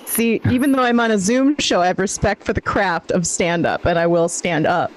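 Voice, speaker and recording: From her home in a warm city by day, a woman does self-deprecating stand-up over a video call with a handheld microphone, delivering punchy stories. Her mid-range voice keeps a moderate pace with hardly any pauses, and the rough recording carries a little hiss or hum.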